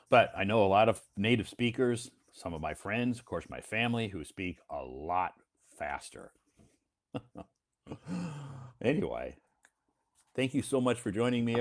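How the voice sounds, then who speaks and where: Deep-voiced American man, slow and deliberate. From United States. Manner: slow, deliberate delivery with frequent fillers. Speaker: English teacher hosting a live stream. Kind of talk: casual live-stream chat.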